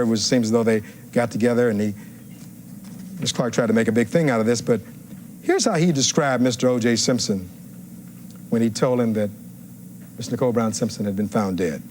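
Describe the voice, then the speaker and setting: A man's voice: mid-range voice, moderate pace, a little mellow, a little hiss or hum. A man giving a courtroom closing argument as defense attorney, reading testimony aloud and firing rhetorical questions at the jury.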